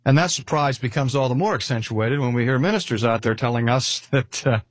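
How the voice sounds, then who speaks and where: Older man preaching with a husky voice. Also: medium pitch, lively intonation, dry recording. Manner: earnest, slowing down to stress key phrases. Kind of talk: sermon.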